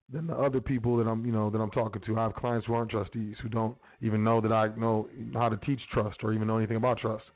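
A man hosting a casual talk show, speaking bluntly with street slang and some profanity. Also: medium pitch. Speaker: podcast host. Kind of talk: casual monologue. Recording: tinny phone-line sound with faint music.

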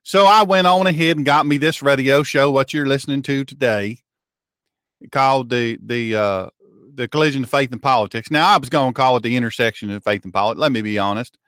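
A man's voice: medium pitch, fairly quick, a bit bright, clean tone, no echo, clean studio sound. A male radio show host and pastor, talking in a folksy, sarcastic monologue with a joking mock-drawl.

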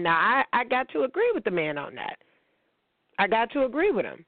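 A woman's voice: fairly low pitch, very animated, normal speed, no echo. A woman hosting a casual relationship-advice monologue, blunt, emphatic and full of swearing. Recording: tinny phone-like, dry sound.

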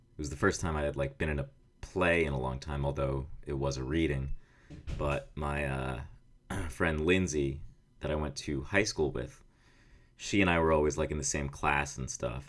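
An American man, roughly around thirty, hosting a podcast in a loose, rambling, self-mocking monologue with casual swearing. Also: rumbling low. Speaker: podcast host. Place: indoor office studio.

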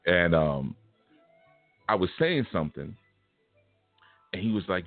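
A spiritual teacher with a low, very animated voice gives a casual lecture at a slow pace, speaking bluntly, punchily and confrontationally. The dry recording sounds tinny, like a phone, with faint music beneath.

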